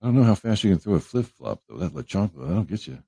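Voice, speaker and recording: Livestream host, male, very low gravelly voice, dark tone, rambling and joking with chat. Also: very animated, fast talker, no echo. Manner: rambling, joking, greets viewers by name. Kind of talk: casual chat with viewers. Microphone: headphones on a livestream setup.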